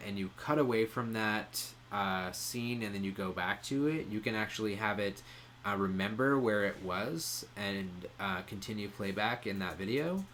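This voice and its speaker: A man presenting a casual software tutorial, explaining each step in a relaxed way with frequent "um" pauses. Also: fairly low pitch, a little hiss or hum. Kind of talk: casual screen-share tutorial.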